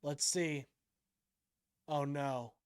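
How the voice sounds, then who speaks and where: A man's voice: on the high side, steady tone, drawn-out words, clean tone. A man hosting a live stream, reacting to a clip with incredulous, mocking remarks and thinking aloud. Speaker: livestream host.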